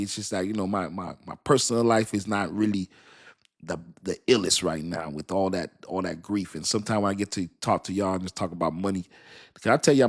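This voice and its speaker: A man with a fairly low voice hosts a live stream and talks straight to his viewers. His speech is loose and slangy, and it wanders with frequent restarts. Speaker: crypto channel host. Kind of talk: casual livestream talk to viewers.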